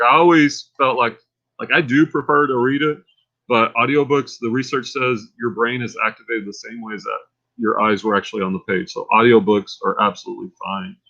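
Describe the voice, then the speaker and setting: A man's voice: mid-range voice, highs cut off. A man with a Texan accent hosting a casual livestream, rambling and getting fired up as he talks. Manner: rambling and excitable, gets fired up. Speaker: livestream host.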